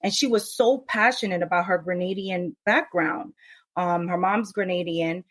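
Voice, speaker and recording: A woman born in the United States, a podcast guest telling her story with animated energy. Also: lowish voice, normal speed. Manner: animated, mimics others' voices in quotes. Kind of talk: casual podcast interview.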